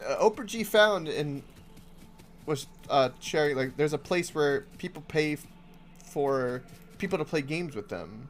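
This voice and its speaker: A man's voice: fairly high pitch, lively intonation, measured pace. A man streaming a game, chatting casually and rambling with lots of restarts and laughs. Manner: rambling, full of likes and restarts, laughs often. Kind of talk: casual live-stream chat while gaming.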